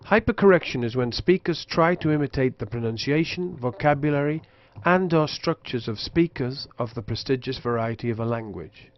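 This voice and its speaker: A man's voice: mid-range voice, expressive. Man explaining pronunciation in a dull recording. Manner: slow careful demonstrations of pronunciation. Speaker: lecturer. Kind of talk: scripted narration.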